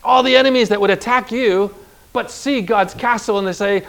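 A man's voice: sits high, normal speed, a bit bright. A man preaching a sermon with emphatic delivery, stretching out key words and calling on the congregation to repeat phrases.

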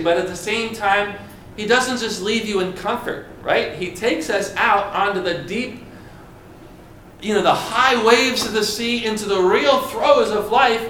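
A man's voice: high voice, a bit bright, a little hiss or hum. A man preaching a sermon, asking the congregation questions and building with dramatic emphasis. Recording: echoey room with faint ambience.

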